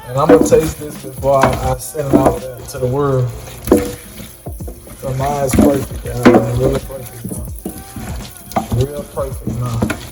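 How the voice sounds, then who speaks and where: Chatty cook in an echoey room. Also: male voice, medium pitch. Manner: chatty, apologetic, addresses viewers as y'all. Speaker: home cook vlogger. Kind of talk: casual cooking vlog. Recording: echoey room with music behind.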